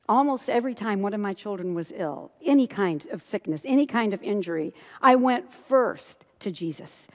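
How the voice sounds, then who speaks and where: A middle-aged woman pastor preaching a sermon, telling the story with lively acted-out quotes and frequent laughter. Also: mid-range voice. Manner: expressive storytelling, acting out quoted lines, laughing often. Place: large church hall. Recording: long hall reverb.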